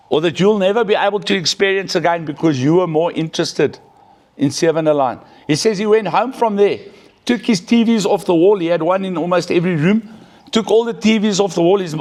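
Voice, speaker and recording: A middle-aged man telling a personal story in a casual, animated way, often checking in with "right?". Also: high voice. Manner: animated, peppers speech with "right?". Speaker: recovering addict sharing his story.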